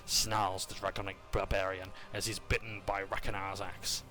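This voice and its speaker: A man's voice: deep voice, flat delivery, normal speed, few pauses, sharp tone. A man casually recapping a tabletop game session, joking and correcting himself as he goes. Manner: casual, with fillers, jokes and self-corrections.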